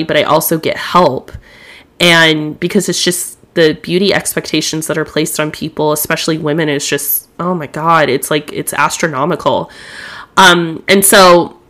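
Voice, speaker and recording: A woman's voice: lowish voice, fairly bright tone. A young woman hosting a podcast alone, chatting candidly and swearing freely. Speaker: podcast host. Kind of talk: casual solo podcast chat.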